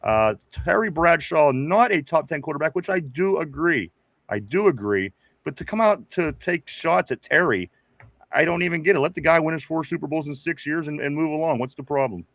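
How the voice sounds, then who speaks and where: A man's voice: fairly high pitch, animated, normal speed, vocal fry, a bit bright, no echo. Profane, easygoing male sports podcaster. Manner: loose and profane, laughing, addresses co-host often. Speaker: podcast co-host reading viewer comments. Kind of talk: casual sports podcast chat.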